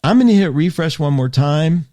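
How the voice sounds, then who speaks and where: A male radio host talking to listeners in a chatty, animated way, often breaking off mid-sentence and reading listener comments aloud. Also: on the high side, normal speed. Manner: chatty, animated, self-interrupting. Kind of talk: live radio show monologue.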